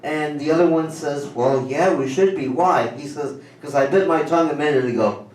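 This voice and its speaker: A man's voice: on the high side, a little mellow. Man telling corny jokes on stage. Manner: casual, halting joke telling. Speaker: stand-up comedian. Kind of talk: corny one-liner jokes. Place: small cafe stage. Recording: very echoey room, distant mic.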